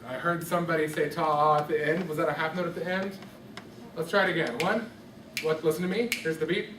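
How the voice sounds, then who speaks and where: A man's voice: a little high, steady tone, brisk. A man teaching a music class, patiently quizzing his students by name. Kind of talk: classroom instruction. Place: echoey classroom. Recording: distant echoey classroom with background noise.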